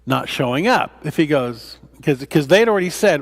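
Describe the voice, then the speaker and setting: A man's voice: a little high, lively intonation, fairly quick, few pauses. A man, a pastor, leading a Bible study in a conversational way, with fillers and restarts, acting out the scripture dialogue. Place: church.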